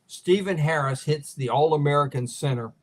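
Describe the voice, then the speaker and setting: A man with a slightly raised pitch talks eagerly through game plays and coaching details. He is a sports writer chatting casually on a talk show, piling on specifics as he goes. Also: moderate pace. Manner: eager, detail-heavy recounting of games. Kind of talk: casual chat.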